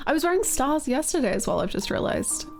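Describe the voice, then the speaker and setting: A woman's voice: sits high, very animated, brisk, gravelly, darkish tone, faint music behind. A woman streaming a game, chatting casually and greeting viewers, her voice a bit scratchy, laughing often.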